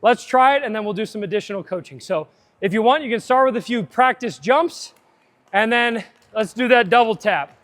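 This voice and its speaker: A man's voice: high voice, lively intonation, normal speed, fairly bright tone. A man coaching a live fitness seminar, upbeat and chatty, drifting into side tangents.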